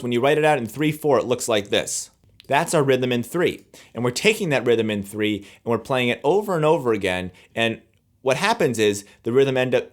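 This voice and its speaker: A man teaching music to camera, explaining rhythm in a relaxed, conversational way and scat-singing the beats as he counts. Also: medium pitch, moderate pace.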